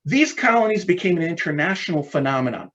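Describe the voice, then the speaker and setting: A man's voice: a little high, expressive, quick pace, fairly bright tone. Man lecturing over muffled audio.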